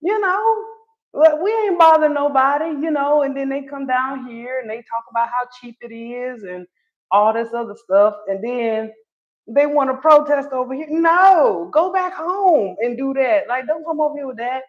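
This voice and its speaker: A woman's voice: high-pitched, normal speed. A woman from North Carolina, hosting a livestream. She chats casually, answers viewer comments and laughs often. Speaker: livestream host reading chat. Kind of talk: casual opinion chat. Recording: dull lo-fi stream audio.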